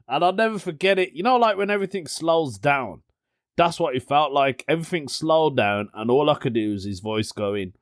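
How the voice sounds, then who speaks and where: A man's voice: fairly high pitch, normal speed, no room sound, clean studio sound. A young man hosting his own podcast, chatting and telling stories casually and laughing often. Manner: chatty storyteller, laughs often, British slang like "innit". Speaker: podcast host. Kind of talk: casual solo podcast chat.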